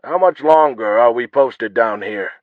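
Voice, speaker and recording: A man voicing gruff adult male dungeon guards in an audiobook, a little louder and slower than his narration. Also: medium pitch, dry recording, natural voice. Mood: grumbling. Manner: louder, slower and slightly raised voice. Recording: dull lo-fi dry audio.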